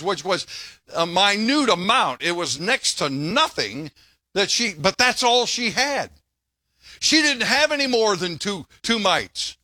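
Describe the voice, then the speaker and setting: A man's voice: high-pitched, big pitch swings, a little slow, pushed and bright, no room sound. An older man preaching a sermon as pastor, folksy and joking, breaking off to tell stories.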